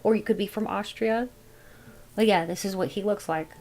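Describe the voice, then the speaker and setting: A woman giving a casual tarot reading, thinking aloud as she goes in a musing, unhurried way. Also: mid-range voice, a little mellow, poor audio. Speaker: tarot reader.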